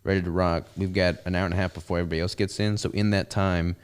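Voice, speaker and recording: A man's voice: low-pitched, level tone, racing, smooth. A man with a Southern US accent, hosting a podcast and chatting about his business in an easygoing, rambling way. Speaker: podcast host and business owner. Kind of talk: casual chat.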